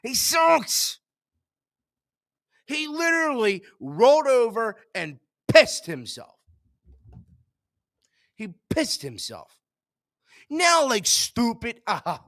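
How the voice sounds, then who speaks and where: Man, sports show host, high voice, animated swings, ranting. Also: slow pace, long pauses, no room sound, clean studio sound. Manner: ranting, swings from loud outbursts to low mutters. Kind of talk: frustrated sports rant.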